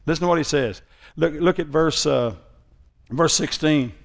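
Male pastor, fairly high voice, chatty sermon style that swells into loud emphasis. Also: vocal fry. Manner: conversational, rising to loud emphatic preaching; reads scripture in a slow, mocking sarcastic tone.

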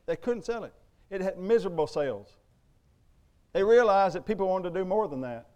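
A man's voice: sits high, expressive, brisk, darkish tone, dull audio. A middle-aged man preaching a sermon in a church, emphatic and conversational, full of rhetorical questions. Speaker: pastor.

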